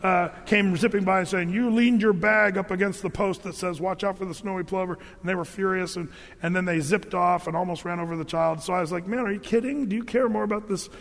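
A man's voice: high voice, little pitch movement, a little fast, a bit bright. A middle-aged man, a pastor, teaching a Bible passage verse by verse in a conversational, emphatic way, often restarting his words. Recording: long hall reverb.

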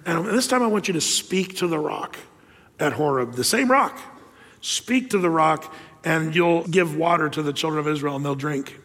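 A man preaching, voicing God as a calm, patient figure in a low-key, matter-of-fact way. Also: moderate pace, big-room sound. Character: calm patient God, male, speaking to prophets.

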